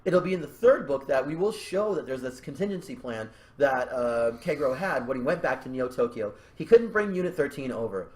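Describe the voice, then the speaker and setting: A man's voice: medium pitch, sing-song, fairly quick, few pauses, darkish tone. A man hosting a casual podcast chat, rambling and restarting his sentences as he plans out a story. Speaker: podcast host.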